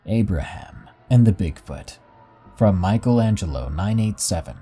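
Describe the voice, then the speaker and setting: Male horror storyteller, dark mellow tone, steady dramatic delivery. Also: fairly low pitch, a little slow, breathy edge. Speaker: narrator. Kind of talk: scripted horror story narration.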